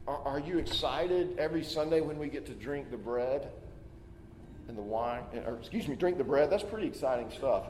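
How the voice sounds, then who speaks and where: A man's voice: fairly high pitch, a little mellow, a little hiss or hum. A male pastor preaching a sermon in a conversational way, voicing his listeners' doubts aloud and often restarting words. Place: church sanctuary. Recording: echoey hall with long reverb, faint ambience.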